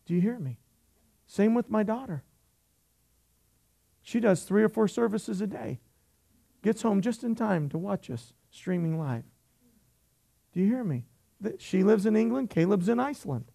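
High, gravelly-voiced preaching pastor. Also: male voice, warm tone. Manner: preaching with rhetorical questions and humor. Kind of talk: sermon.

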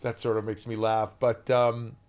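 A man's voice: lowish voice, level tone, moderate pace, darkish tone. Chatty rambling man in his forties. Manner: rambling, chatty, self-interrupting. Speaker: guest. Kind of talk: casual interview chat.

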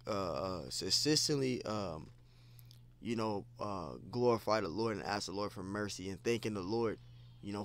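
A man giving an informal scripture lesson, repeating phrases and peppering his talk with "man" and "you know.". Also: lowish voice. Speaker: preacher.

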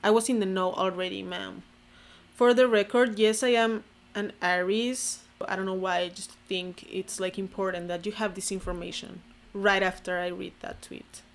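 Sarcastic young woman with vocal fry. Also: mid-range voice, steady tone, normal speed. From Mexico. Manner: sarcastic, self-mocking, heavy use of "like". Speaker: vlogger. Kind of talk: casual commentary to camera.

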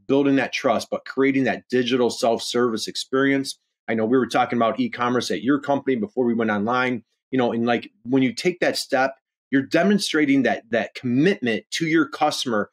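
A man talking as a guest on a business podcast, eager and rambling, with plenty of fillers. His pitch sits in an ordinary middle range for a man. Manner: enthusiastic, rambling, heavy use of "you know" and "uh". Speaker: podcast guest, e-commerce consultant. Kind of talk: conversational interview.

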